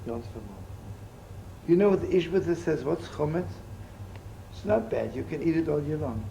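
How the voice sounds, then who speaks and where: A man's voice: fairly high pitch, expressive, brisk, gravelly, dark tone, lo-fi sound. A man giving a storytelling sermon with jokes, acting out the voices in his stories. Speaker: rabbi giving a talk. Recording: live talk with faint room noise.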